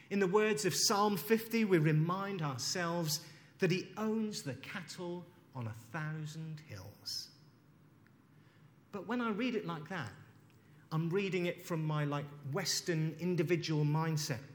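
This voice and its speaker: A man's voice: sits high, a bit bright. A man preaching a sermon, reflective, reading scripture aloud and unpacking it. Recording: long hall reverb.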